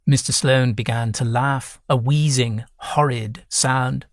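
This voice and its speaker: A man narrating a novel audiobook in a measured, even reading. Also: mid-range voice, no room sound, studio quality. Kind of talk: scripted narration.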